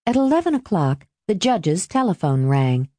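A woman reading a novel aloud in a measured, expressive narration. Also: on the low side, dry recording. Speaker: audiobook narrator. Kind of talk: scripted narration.

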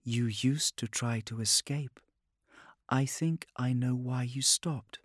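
A man voicing a calm, mysterious woman who asks soft, accusing questions. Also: mid-range voice, takes it slowly, dry recording, clean studio sound, voice pushed up. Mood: calm probing. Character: mysterious cool female visitor, probing and calm. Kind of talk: audiobook character voice.

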